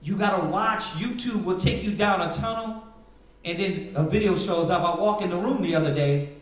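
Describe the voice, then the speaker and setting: A man's voice: high voice, moderate pace. A man teaching a live Sabbath Bible class, preaching emphatically and asking rhetorical questions. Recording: echoey room, far from mic.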